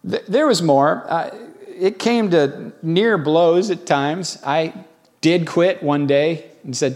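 A middle-aged man preaching a sermon as pastor, telling stories in a folksy way with animated bursts when quoting others. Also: fairly high pitch, slow pace.

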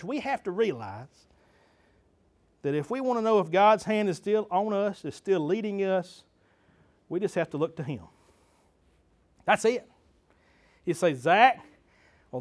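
A man preaching a sermon to his church, earnest and building to fervent emphasis, with stammered restarts. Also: high-pitched. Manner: repeats himself and stammers on restarts.

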